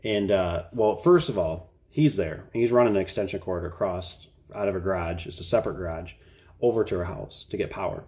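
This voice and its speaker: A man's voice: low voice, brisk, dark tone. A middle-aged man who runs a garage door business, chatting casually to camera about a frustrating job in a rambling, exasperated way.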